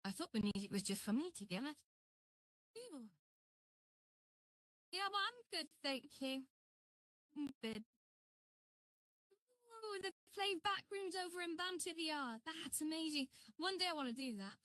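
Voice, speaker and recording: High-voiced chatty woman streaming. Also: lively intonation, unhurried, pauses often, a bit bright, dry recording. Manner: rambling and chatty, greets viewers as she works. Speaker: live streamer building a virtual world. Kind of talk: casual live-stream chat.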